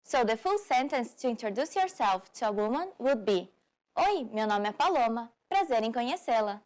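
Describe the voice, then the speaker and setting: A woman presents a scripted beginner language lesson. Her voice sits high, and she speaks clearly and deliberately, slowing down for the example phrases. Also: very animated, a little mellow. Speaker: language teacher.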